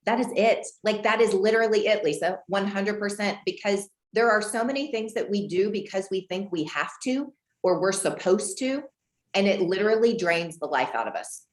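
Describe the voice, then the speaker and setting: A woman from Houston, Texas, coaching a group on a video call, animated and acting out dialogue with big pitch jumps. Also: normal speed. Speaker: guest real estate coach. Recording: roomy echo.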